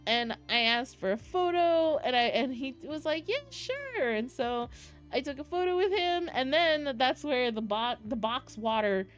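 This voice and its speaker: A young woman streamer telling a story in casual chat with her viewers, excitable and rambling, full of fillers. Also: high voice, measured pace, faint music behind.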